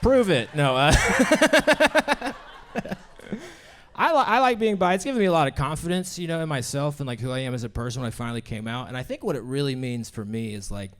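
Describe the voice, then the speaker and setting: A man's voice: mid-range voice, lively intonation, brisk, fairly bright tone. A young man performing a brash, crude stand-up set in a comedy club, laughing at his own jokes.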